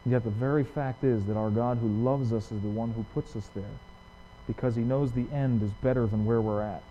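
A male pastor preaching a sermon, asking rhetorical questions and swinging from loud emphasis to hushed lines. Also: medium pitch, steady tone, a little fast, slight background noise. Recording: dull lo-fi recording.

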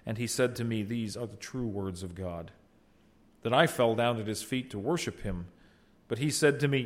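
A man preaching an expository sermon and reading scripture aloud, earnest, swelling loud on exclamations and dropping soft at line ends. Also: fairly low pitch, a little fast. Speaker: pastor.

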